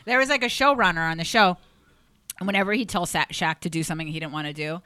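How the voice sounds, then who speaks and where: Young woman comedian, bright voice, animated storytelling, laughing, podcast guest. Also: on the low side, quick pace, clean tone, no room sound. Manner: animated, laughing, acts out quotes. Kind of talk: casual storytelling chat.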